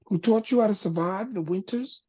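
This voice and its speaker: A man hosting a panel talk, speaking with an impassioned, preacher-like cadence that drops low and soft for emphasis. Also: fairly quick, slightly rough, muffled recording. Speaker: panel host. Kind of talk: impassioned talk-show monologue.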